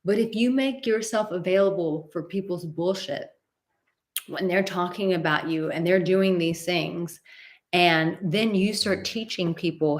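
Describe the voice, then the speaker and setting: Woman, 30s, live advice host, blunt, animated, acts out quoted voices, slightly low pitch. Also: moderate pace. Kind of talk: live-stream advice talk.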